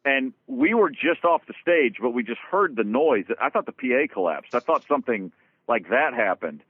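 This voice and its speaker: A man, a guest drummer, tells road stories in an animated, casual way, swearing freely and restarting his sentences. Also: medium pitch, normal speed, husky, no echo. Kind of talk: casual storytelling interview. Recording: dry, phone-like lo-fi sound.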